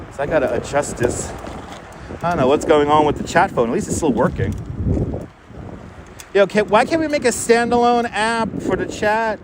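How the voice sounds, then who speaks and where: A live-streaming bike vlogger with a kind of high voice chats casually while riding through city streets. Loose and upbeat, he greets viewers by name. His wireless clip-on mic picks up lots of wind and traffic noise.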